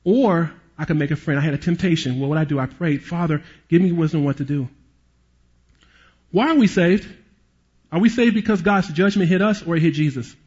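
Guy preaching, husky kinda high voice, muffled lo-fi recording, tells stories big then goes real quiet. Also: a little fast. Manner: animated storyteller, drops to hushed tones for emotional moments. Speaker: pastor and police chaplain. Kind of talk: sermon with storytelling.

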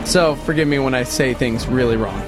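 A man's voice: medium pitch, moderate pace, over music. A man hosting a podcast who retells a true crime story with theatrical flair. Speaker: podcast host. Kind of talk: dramatic storytelling chat.

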